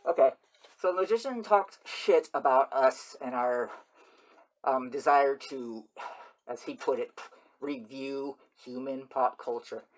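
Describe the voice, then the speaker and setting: A man hosting his channel, talking in a rambling, repetitive monologue and breaking into loud, high yelps when he mimics people. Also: unhurried. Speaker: channel host.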